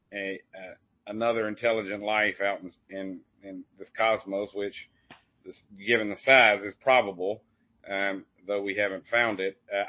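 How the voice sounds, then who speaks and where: Rambling and folksy, this podcast host chats casually with plenty of fillers and restarts. He has a lowish voice, and the recording is dull, dry lo-fi audio without echo.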